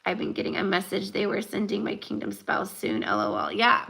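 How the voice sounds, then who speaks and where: A young woman giving a live tarot reading, chatty and rambling, full of fillers, slowing down to stress spiritual points. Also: medium pitch, very animated, creaky, pushed and bright, poor audio. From California. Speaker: tarot reader.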